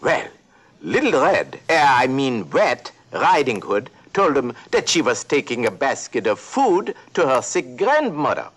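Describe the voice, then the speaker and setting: A man's voice: mid-range voice, sing-song, measured pace, fairly bright tone, slightly rough, full character voice. An actor playing an eccentric old male duck professor, rambling and giggling as he tells a storybook tale. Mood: playful. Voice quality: giggly, rambling, self-correcting. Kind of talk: storybook narration for a talking toy.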